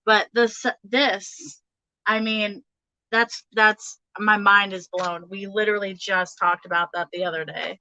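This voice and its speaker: A young woman reads tarot in a casual, chatty way, laughing easily as she speaks straight to her viewers. Her voice is bright and forward, recorded close and dry with almost no room sound. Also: mid-range voice, fairly even intonation, unhurried, dry recording, rough recording. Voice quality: chatty, giggly, talks to her viewers directly. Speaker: tarot reader. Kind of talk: casual live tarot reading.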